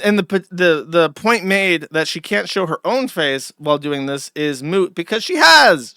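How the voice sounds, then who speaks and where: A man's voice: sits high, pushed and bright, no room sound, studio quality. A man hosting a commentary show, ranting in a scornful, profane and emphatic way. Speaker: host. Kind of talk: commentary rant.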